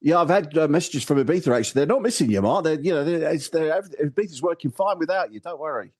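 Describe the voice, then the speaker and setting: A man's voice: on the high side, expressive, fast, darkish tone. A man co-hosting a casual podcast over a remote call, answering his co-host's jabs with dry, sarcastic comebacks. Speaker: podcast co-host. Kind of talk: casual chat.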